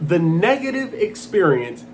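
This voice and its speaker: A man giving an impassioned self-help talk, emphatic and repetitive, dropping into a flat, lazy voice to mock half-hearted wishes. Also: unhurried, faint music behind. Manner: intense, emphatic, repeats points, mocking quotes in a flat low voice. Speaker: motivational speaker.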